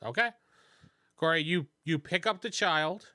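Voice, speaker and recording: Young male game master, bright tone, laughs easily, does quick character voices. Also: fairly high pitch, no room sound, clean studio sound. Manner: laughing often, voicing characters briefly. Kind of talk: narrating a tabletop game.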